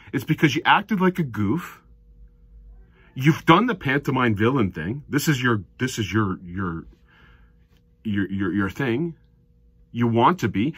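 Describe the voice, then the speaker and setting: Man, commentator. Husky voice, lively pitch, heated rant, dry close mic. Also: no room sound. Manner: heated, ranting, swings from low mutters to loud outbursts. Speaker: darts commentator. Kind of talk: opinionated solo video commentary.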